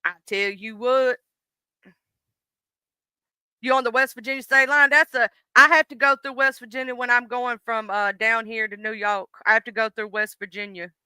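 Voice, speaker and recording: A woman with a Southern US accent chats casually on her live stream, calling out viewers by name in a folksy, easygoing way. Her voice is very bright and clear. The sound is close and dry. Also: on the high side, fairly even intonation, normal speed, no room sound. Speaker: livestream host. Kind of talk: casual chat reading viewer comments.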